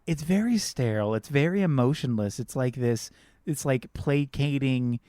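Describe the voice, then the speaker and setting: A man's voice: medium pitch, animated, moderate pace, mellow, dry recording, studio quality. A man co-hosting a podcast in casual film chat, earnest, repeating phrases as he thinks and acting out quotes. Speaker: podcast co-host.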